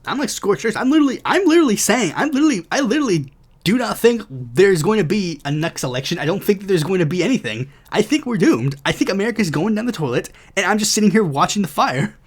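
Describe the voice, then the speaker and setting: Animated, ranting male political podcaster. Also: sits high, quick pace, slightly rough. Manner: ranting, profane, sarcastic. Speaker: podcast host. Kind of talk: casual political commentary.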